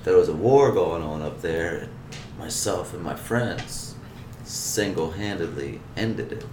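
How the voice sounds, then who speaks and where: A man's voice: low voice, lively intonation, a little slow, a little mellow, slight background noise, pitched below the performer's own voice. A man voicing a boastful male adventurer at a tavern bar, recorded on a distant shared mic in an echoey room.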